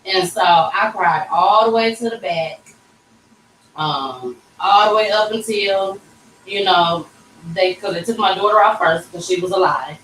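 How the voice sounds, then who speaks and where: A woman's voice: medium pitch, a little slow, fairly bright tone, a little hiss or hum. Woman telling a story in an echoey shop. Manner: candid and conversational, addressing viewers as y'all. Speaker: livestream host telling a personal story. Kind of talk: casual emotional storytelling. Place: tattoo shop. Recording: echoey room, mic at a distance.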